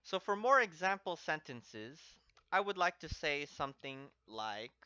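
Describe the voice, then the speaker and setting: Slow, bright-toned male language teacher. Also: a little high, big pitch swings, smooth, dry recording. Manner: repeats each example word twice, patient and explanatory. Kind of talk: slow step-by-step language lesson. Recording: dry, slightly dull lo-fi recording.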